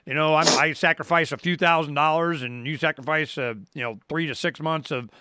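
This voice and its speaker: A man's voice: fairly high pitch, steady tone, brisk, sharp tone, clean tone, no room sound, clean studio sound. A man hosting a talk show, speaking in an emphatic, rambling way with frequent restarts. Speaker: radio talk show host. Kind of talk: casual talk-radio conversation.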